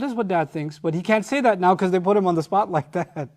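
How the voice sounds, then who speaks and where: A man teaching a Quran study lecture, animated and often acting out quoted lines. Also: high voice, fast talker.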